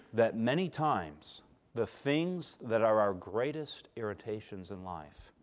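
A male preacher telling a personal story in a sermon, shifting between loud emphasis and hushed tones and calling for responses from the congregation. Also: low-pitched. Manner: calls for audience response.

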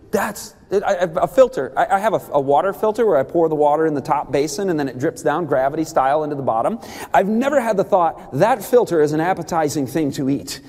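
A man giving an emphatic, animated talk on Bible diet rules, with quick asides and laughs. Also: fairly high pitch, big-room sound.

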